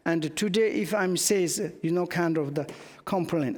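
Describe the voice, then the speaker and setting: A man's voice: on the high side, a little mellow. Man teaching in broken English. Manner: broken English, many fillers, slow and halting. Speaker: Buddhist teacher. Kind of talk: Dharma teaching. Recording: long hall reverb.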